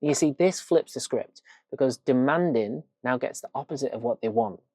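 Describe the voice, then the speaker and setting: A man's voice: mid-range voice, normal speed, darkish tone, no room sound. A man working as a dog trainer, giving casual, emphatic training tips straight to the viewer. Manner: emphatic, casual, swears for effect. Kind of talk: direct-to-camera training tips.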